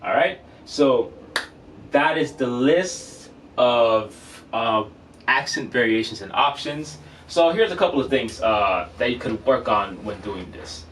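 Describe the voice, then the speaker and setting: A man's voice: medium pitch, slow. Guy walking thru drum exercises, a bit far from the mic, faint hiss in the room. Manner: relaxed, talks through drum exercises, counts off beats. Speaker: drum teacher. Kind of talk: casual instructional vlog. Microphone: camera microphone. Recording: camera mic from a distance, faint room noise.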